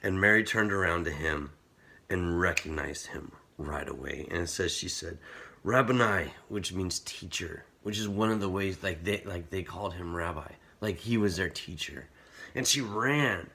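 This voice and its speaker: Male camp speaker, low husky voice, earnest and casual, lots of "like" fillers. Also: normal speed, pushed and bright. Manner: conversational and earnest, full of "like" fillers. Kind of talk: casual youth sermon.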